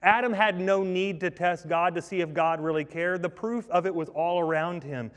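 A man's voice: high-pitched, steady tone, normal speed, fairly bright tone. A male pastor preaching a sermon in an emphatic way, asking rhetorical questions. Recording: long reverb hall.

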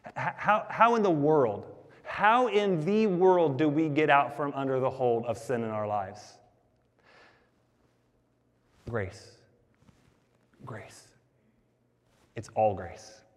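A man preaching a sermon as the pastor, talking to the congregation in a conversational, animated way. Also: on the high side, a little slow, big-room sound.

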